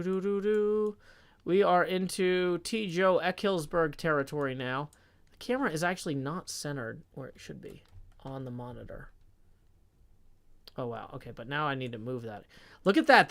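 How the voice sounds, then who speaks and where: A man's voice: fairly high pitch, gravelly, fairly bright tone. Chatty man live-streaming a game. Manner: chatty, reads tips aloud, counts under his breath. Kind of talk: casual live-stream chat.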